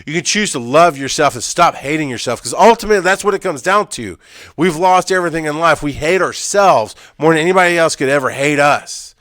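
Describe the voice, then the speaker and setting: A man's voice: fairly high pitch, expressive, fairly quick, a bit bright, dry recording, studio quality. A middle-aged man, an EMS worker, candidly telling a painful personal story in an intense, emphatic way, often repeating phrases.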